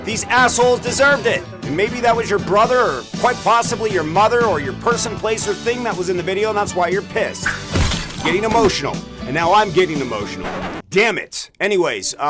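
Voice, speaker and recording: A man hosting a video commentary show, brash, profane and mocking as he narrates crime clips. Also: on the high side. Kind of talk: crude comedic commentary over videos. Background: loud music.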